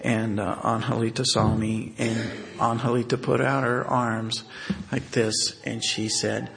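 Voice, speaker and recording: Man, gravelly tone, halting personal storyteller who restarts often. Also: medium pitch, little pitch movement, a crowd in the background. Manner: halting, with many fillers and restarts. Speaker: husband telling a family story.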